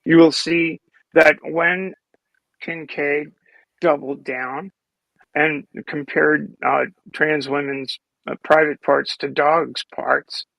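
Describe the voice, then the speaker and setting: A man with a gravelly, fry-laden voice that sits a little high, recorded close and dry. He argues his side in a heated online talk, stopping and restarting often. He sounds defensive as he pushes back. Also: fairly even intonation, slow, fairly bright tone, no room sound, low-quality recording. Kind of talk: heated discussion.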